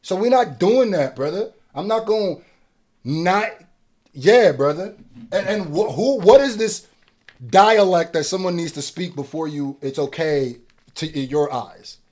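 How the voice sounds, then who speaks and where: Animated man reacting to music. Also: high voice, a little slow. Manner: animated, swings from quiet musing to loud excited rants. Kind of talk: casual reaction commentary.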